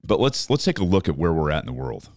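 A man's voice: extremely low pitch, very animated, fast talker, a little mellow, no echo, studio quality. A man hosting a political podcast, ranting in profane disbelief about current events. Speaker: podcast host. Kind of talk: opinionated political commentary.

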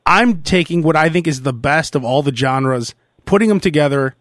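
A man's voice: on the high side, normal speed, a bit bright, no echo, studio quality. A man hosting a podcast, chatting loosely and laughing often. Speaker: podcast host. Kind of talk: casual chat.

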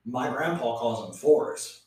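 A man, co-hosting a casual podcast with dry, deadpan quips. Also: mid-range voice, slow pace. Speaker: podcast co-host. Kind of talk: casual chat. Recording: very echoey, far from mic.

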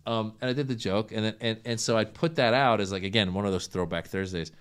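A man's voice: lowish voice, fast, clean tone. A middle-aged man, a comedian guest in a casual podcast chat, telling stories and acting out quotes with big jumps in voice. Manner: animated storyteller who acts out quotes loudly.

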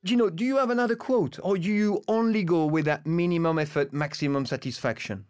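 A man with a French accent chats as co-host, his voice smooth and clear and pitched a touch high. He speaks earnestly and in a reflective way, letting his thoughts run on in long musing stretches. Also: fairly quick, a little mellow, faint music behind. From France. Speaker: podcast co-host. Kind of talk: casual chat.

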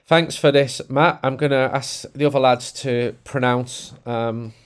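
A man hosts a casual football podcast from the studio. He is jokey and excitable and quick to laugh. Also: mid-range voice, clean tone. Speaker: podcast host. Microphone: studio mic.

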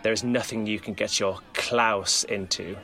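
A man's voice: lowish voice, steady tone, moderate pace, bright, forceful tone. A man voicing a menacing horned Krampus disguised as a townsman, purring and taunting.

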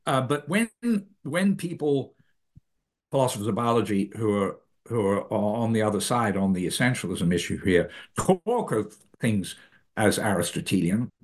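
A man, guest author, explaining ideas in an interview in a measured way, often correcting himself mid-sentence. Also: medium pitch.

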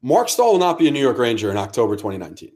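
A man co-hosting a sports podcast, arguing his points in a lively, emphatic, opinionated way. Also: medium pitch, very fast. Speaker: podcast co-host. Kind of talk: casual sports podcast chat.

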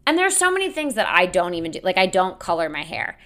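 A young woman talks to her podcast listeners in a loose, rambling monologue. Her voice sits a little low for a woman. She is self-deprecating, laughs often and keeps piling on filler words. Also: very animated, fast talker, a bit bright. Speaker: podcast host. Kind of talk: casual solo podcast monologue.

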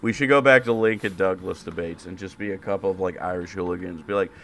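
A man's voice: sits low, steady tone, quick pace, a bit bright. A man co-hosting a podcast in casual chat, sarcastic and crude. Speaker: podcast co-host.

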